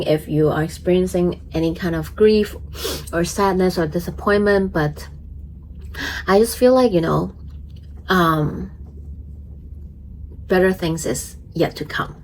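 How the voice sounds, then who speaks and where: A woman giving a casual astrology forecast and tarot reading, gentle and chatty, with many fillers and frequent giggles. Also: on the low side, unhurried, long pauses, a little hiss or hum, low-quality recording. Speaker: astrologer and tarot reader, channel host.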